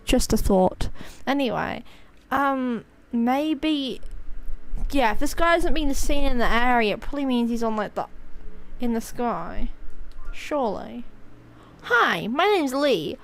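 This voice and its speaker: A woman's voice: on the high side, lively intonation, a little slow. A woman streaming a video game, giving rambling, giggly, self-mocking commentary. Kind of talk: casual gameplay commentary.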